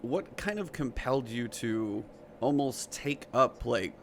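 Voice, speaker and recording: A man's voice: mid-range voice, lively intonation, measured pace, a little hiss or hum. A man co-hosting a gaming podcast who asks rambling questions and laughs easily. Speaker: podcast co-host. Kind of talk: casual podcast interview.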